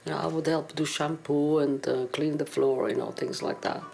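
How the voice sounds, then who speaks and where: A woman's voice: low-pitched, moderate pace, gravelly, over music. A woman in her sixties from Italy with an Italian accent, telling her story animatedly in a documentary interview. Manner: animated storyteller acting out dialogue. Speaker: interviewee, opera singer.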